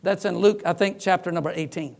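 A middle-aged pastor delivers a sermon in a voice notably high for a man, fairly quick and marked by vocal fry. He's an animated storyteller who takes on the voices of the people he quotes.

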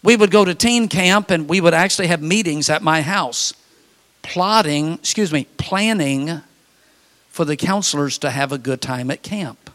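A man's voice: a little high, moderate pace, a bit bright, long reverb tail. A male preacher telling humorous stories in a confiding, joking way. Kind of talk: storytelling sermon.

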